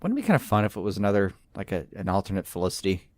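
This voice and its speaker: A man co-hosting a podcast, thinking out loud and trailing off as he spins theories. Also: deep voice, very animated, rapid-fire, no room sound. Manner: muses aloud, trails off, repeats words. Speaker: podcast co-host. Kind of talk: casual podcast chat.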